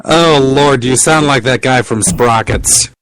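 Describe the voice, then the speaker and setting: A man's voice: mid-range voice, a little slow, a crowd in the background, rough recording. A man co-hosting a casual podcast, throwing in sarcastic quips. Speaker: podcast co-host.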